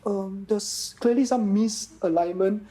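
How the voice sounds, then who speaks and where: A man's voice: sits high, measured pace, mellow. A man, a guest speaker telling anecdotes in conversation with self-deprecating humour. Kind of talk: conversational storytelling.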